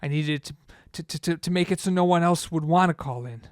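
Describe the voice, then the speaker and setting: A man playing a calm, obsessive killer caller. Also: a little high, brisk, dry recording, clean studio sound, close to an everyday voice. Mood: calmly confessing. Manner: calm, matter-of-fact confession. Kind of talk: comedic audio drama.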